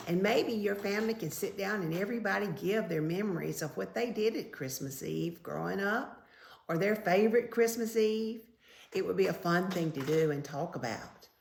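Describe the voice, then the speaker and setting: Gravelly woman reading aloud. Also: on the low side. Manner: gentle, chatty asides to children. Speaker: children's story reader. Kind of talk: reading a picture book aloud to children. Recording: echoey room, faint hiss.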